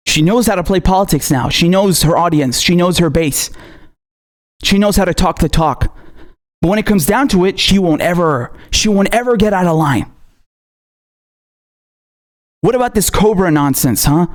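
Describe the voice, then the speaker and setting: A male political commentator ranting angrily, swearing often and firing off rhetorical questions. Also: sits high. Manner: angry, profane, hammering rhetorical questions.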